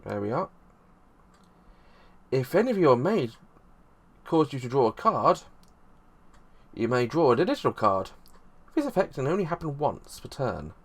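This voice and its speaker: A man's voice: mid-range voice, sing-song, moderate pace, long pauses. A man reviewing a board game, explaining the rules in a loose, rambling way and often restarting his sentences.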